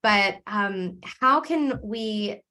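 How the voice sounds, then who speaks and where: A woman's voice: medium pitch, animated, drawn-out words, sharp tone. A woman podcast host in a casual interview, encouraging her guest and asking questions.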